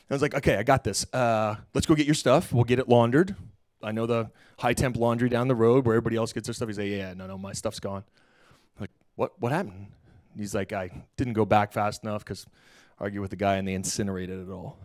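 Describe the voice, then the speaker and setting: Keynote speaker, middle-aged man, low voice, animated storyteller, dry close sound. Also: brisk, no echo. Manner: animated, acts out quoted dialogue, casual slang. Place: lecture hall stage.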